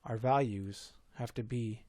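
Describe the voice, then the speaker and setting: A man's voice: medium pitch, steady tone, a little slow, dark tone, no echo, studio quality. A man explaining math in a casual lesson, rambling and stuttering, often correcting himself. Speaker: math tutor.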